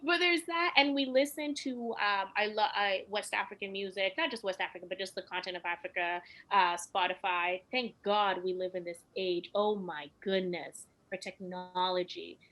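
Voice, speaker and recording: A woman's voice: medium pitch, normal speed, hardly any pauses, a bit bright, low-quality recording. A young woman and podcast guest telling personal stories in casual chat, emotional and laughing often.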